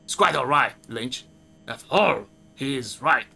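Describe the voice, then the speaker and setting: A man's voice: medium pitch, animated, a little slow, creaky, bright, forceful tone, breathy edge, pitched below the performer's own voice, exaggerated voice. A man voicing a stern navy admiral who barks orders during a game playthrough. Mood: calm. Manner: barking orders. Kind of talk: voicing game dialogue while playing.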